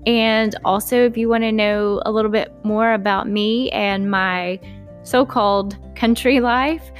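A woman's voice: medium pitch, fairly even intonation, measured pace, faint music behind. A woman, author and narrator reading her own story in a friendly, chatty way.

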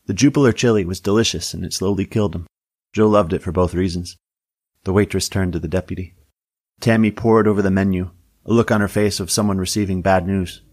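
A man's voice: deep voice, fairly even intonation, a little fast, darkish tone, dry recording. A man narrating a story in a dry, wry storytelling manner.

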